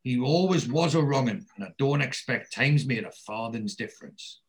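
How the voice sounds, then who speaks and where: Stern bitter older housewife, as a guy retells a tv scene, clipped and scornful, mid-pitched. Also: animated, moderate pace, close to an everyday voice, rough recording.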